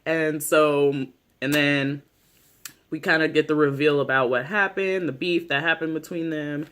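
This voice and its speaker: Man, casual TV recap vlogger. Rambling and slangy with lots of cursing, a touch higher-pitched than most. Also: steady tone, unhurried, fairly bright tone, clean tone. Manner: rambling, heavy use of "like" and "you know"; swears freely, slangy. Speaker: YouTube show recapper.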